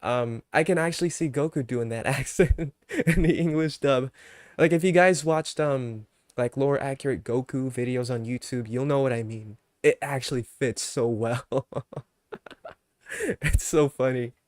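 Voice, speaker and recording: Male streamer, easygoing and rambling, filler-heavy casual chat, mid-pitched voice, dry sound. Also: a little mellow, no echo. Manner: laid-back, rambling, many fillers, quick to laugh.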